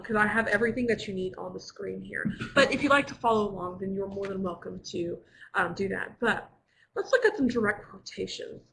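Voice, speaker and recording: A woman's voice: mid-range voice, gravelly, a bit bright, rough recording. A woman teacher explaining Latin grammar in a live online class, patient and careful, with frequent filler words.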